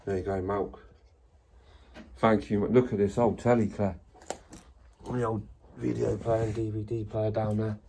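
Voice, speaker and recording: Urban explorer vlogger, English man, lowish voice, enthusiastic and sweary, faint ambience. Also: measured pace, vocal fry, long pauses, a little hiss or hum. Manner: excitable, swears, keeps addressing viewers. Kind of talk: casual vlog narration. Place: abandoned house, indoors then grounds.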